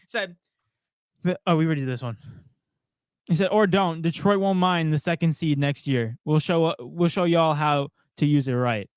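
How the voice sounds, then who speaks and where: Young guy cohosting a sports pod, laughs a lot, reads chat comments, kinda high voice. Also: normal speed, clear, resonant tone, dry recording. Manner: playful, laughs often, reads out viewer comments. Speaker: podcast co-host.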